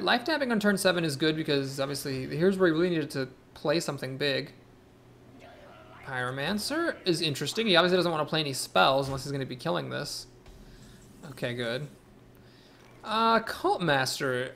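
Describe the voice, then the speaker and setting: A man's voice: fairly high pitch, animated, moderate pace, gravelly, a bit bright, a little hiss or hum. A young man commentating his own card game, thinking aloud, weighing plays and correcting himself as he goes. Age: young adult. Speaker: streamer playing a card game. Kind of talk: live gameplay commentary.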